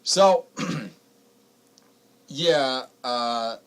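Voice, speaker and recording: A man co-hosting a small radio show, chatting in a rambling way and clearing his throat now and then. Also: mid-range voice, animated, very slow, fairly bright tone. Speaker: radio co-host. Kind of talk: casual radio banter.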